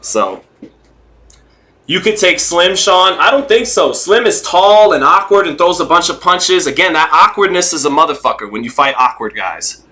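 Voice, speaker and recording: A man hosting a casual livestream, rambling, joking and reading chat comments out loud. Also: on the high side, lively intonation, moderate pace. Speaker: livestream host.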